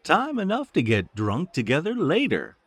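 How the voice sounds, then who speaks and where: A man's voice: a little high, wildly swooping pitch, moderate pace, slightly rough, no echo, pitched above the performer's own voice, heavily acted. A man voicing a flirtatious middle-aged female tavern keeper in an audiobook, with a teasing, sultry way of talking.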